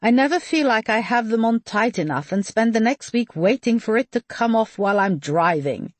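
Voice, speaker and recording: A woman's voice: fairly high pitch, expressive, normal speed, no room sound, voice pushed up. A woman voicing a wry, good-humoured man.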